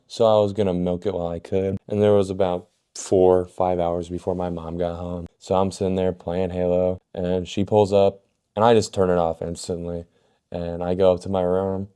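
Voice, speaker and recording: A man's voice: low voice, warm tone. A young man casually telling a story about himself, swearing a lot and poking fun at himself. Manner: casual, profane, self-mocking.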